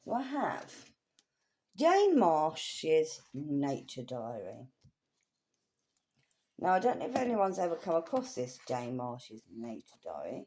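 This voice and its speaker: A woman chatting casually through a craft haul, rambling and correcting herself as she goes. Her voice is low and mellow, with lively swings in pitch. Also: slow pace, a little hiss or hum. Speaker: craft vlogger.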